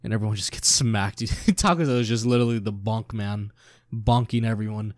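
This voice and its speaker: Guy reading manga out loud and reacting, excitable and sweary, dry close sound. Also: fairly low pitch, fairly quick, no echo. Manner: casual, excitable, swears freely.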